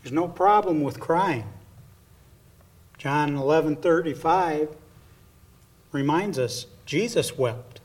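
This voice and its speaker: A man preaches a sermon at an unhurried pace. His delivery is earnest, and now and then he drops to a hushed aside. The voice is picked up from some distance away from the mic. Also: a little high. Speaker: pastor.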